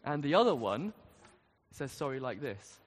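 A man's voice: medium pitch, big pitch swings, normal speed. A man preaching a sermon, speaking earnestly and building to emphatic questions. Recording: long reverb of a large hall.

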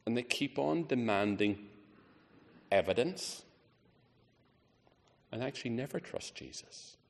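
Lively preacher in an echoing hall. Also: male voice, measured pace, gravelly, a little hiss or hum. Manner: emphatic, rising on key words and dropping low at phrase ends. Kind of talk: sermon. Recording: reverberant hall.

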